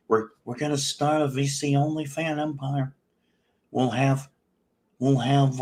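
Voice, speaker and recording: A man's voice: medium pitch, expressive, unhurried. A man hosting a livestream show from home, talking in a rambling, self-mocking, jokey way. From United States. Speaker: livestream music show host. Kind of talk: casual livestream chat.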